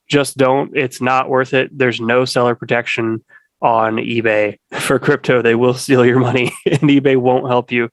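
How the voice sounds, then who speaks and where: A man's voice: mid-range voice, steady tone, normal speed, no room sound. A man speaking as a podcast guest in casual conversation, rambling with many restarts and fillers.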